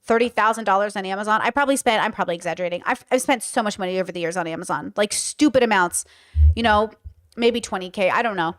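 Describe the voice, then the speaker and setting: A woman's voice: medium pitch, fast, dry recording, studio quality. A young woman giving casual, opinionated commentary with many fillers as host of a reaction show. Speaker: host reacting to a podcast clip.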